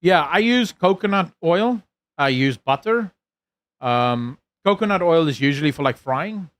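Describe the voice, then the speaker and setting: A South African man streaming and reading his chat aloud. His voice sits a touch high, and his accent leans American. He rambles in a loose, self-mocking way, full of ums and restarts. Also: animated, a little slow, a bit bright, no room sound. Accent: South African with an American-leaning lilt. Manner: rambling, self-deprecating, many fillers and restarts. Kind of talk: casual live-stream chat.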